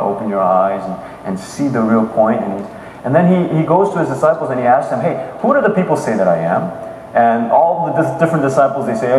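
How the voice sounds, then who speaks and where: A man preaching a sermon, retelling scripture in an animated way with frequent restarts and filler checks. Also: medium pitch, slight background noise. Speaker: pastor. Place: church sanctuary. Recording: echoey hall with faint ambience.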